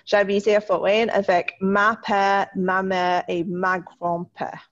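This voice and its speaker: A woman teaching a French class online, encouraging her students and slowing down to model the French words. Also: mid-range voice, flat delivery, highs cut off. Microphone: video call.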